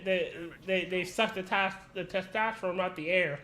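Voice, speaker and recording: A man's voice: high voice, steady tone, normal speed, pushed and bright, soft background music. A man chatting casually while gaming online, laughing often, complaining, and stammering through replies.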